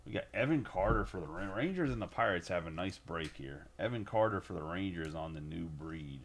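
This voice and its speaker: Card-break host, man, very low voice, casual rapid name lists, faint hiss and keyboard clicks. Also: animated. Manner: rattles off player names, joking asides. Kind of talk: casual live-stream commentary.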